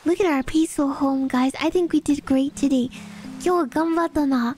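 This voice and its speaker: A young woman VTuber streaming a block-building game, chatting casually with viewers, giggling often and breaking into excited squeals. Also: high voice, brisk, soft background music. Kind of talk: casual gaming stream chat. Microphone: binaural dummy-head mic.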